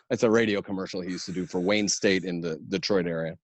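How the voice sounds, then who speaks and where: Lower-voiced man, laughing improv teacher. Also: a little fast, no room sound. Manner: laughs easily, rambling storyteller. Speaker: guest, improv instructor. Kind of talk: casual podcast chat.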